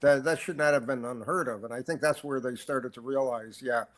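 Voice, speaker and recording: A man's voice: mid-range voice, a little fast. A man hosting a podcast interview, chatting casually and reacting to his guest. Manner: conversational, reacts with short interjections. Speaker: podcast host.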